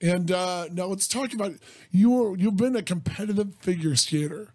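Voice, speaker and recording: High-voiced teasing male radio co-host. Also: darkish tone. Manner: teasing, quick, laughing. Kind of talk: casual radio chat.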